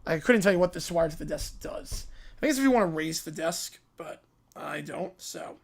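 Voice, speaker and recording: A man's voice: on the high side, animated, moderate pace, creaky. A man hosting a livestream, muttering casual asides to his chat. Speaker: livestream host.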